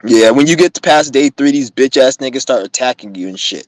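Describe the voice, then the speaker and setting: A man's voice: medium pitch, expressive, a little fast, dry recording, poor audio. A young man ranting to his viewers in a heated, rambling, profane way, recorded on a phone. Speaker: vlogger. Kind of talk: casual rant to camera.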